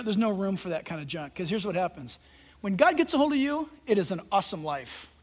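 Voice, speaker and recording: A male pastor preaching a sermon, emphatic and swinging between loud declarations and hushed asides. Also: high voice. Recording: long hall reverb.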